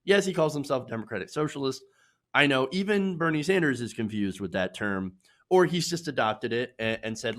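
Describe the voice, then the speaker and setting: A man from Michigan hosting casual political commentary, sarcastic and quick to laugh. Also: medium pitch, very animated, a bit bright. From Michigan, USA.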